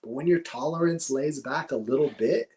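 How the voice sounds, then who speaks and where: A middle-aged cannabis grower from Northern California guests on a podcast, telling stories in a laid-back, rambling, profane way. His voice is on the high side and darkish in tone, at a normal speed, in a casual conversational style.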